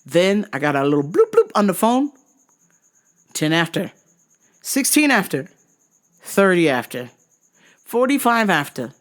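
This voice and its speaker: A woman telling a profane comic travel rant in an animated manner, jumping into high outbursts. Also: unhurried, pauses often. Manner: animated, swearing, jumps into high-pitched outbursts. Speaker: vlogger.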